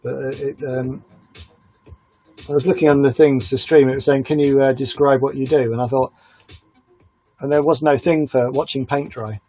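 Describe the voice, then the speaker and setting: A man's voice: mid-range voice, steady tone, normal speed, pauses often, darkish tone, soft background music, poor audio. A man chatting casually on a live stream while he airbrushes, a rambling self-confessed oversharer.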